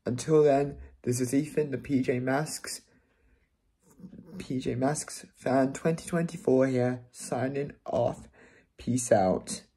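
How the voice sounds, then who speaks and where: Upset young man, slow and gravelly. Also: medium pitch, warm tone. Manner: repetitive, halting, keeps restating himself. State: upset, close to tears. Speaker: fan channel vlogger. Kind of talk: casual vlog to camera.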